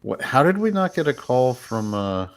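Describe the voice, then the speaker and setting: A man's voice: medium pitch, very animated, normal speed, no room sound. A man co-hosting a podcast in casual chat, teasing and joking with the others. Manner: teasing, jokey. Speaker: podcast co-host.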